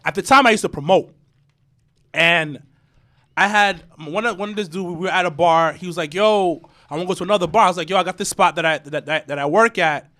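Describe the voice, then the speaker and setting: A man in his thirties telling a story in casual podcast chat, animated and profane, with stammering restarts. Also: a little high, fairly quick. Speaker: podcast co-host.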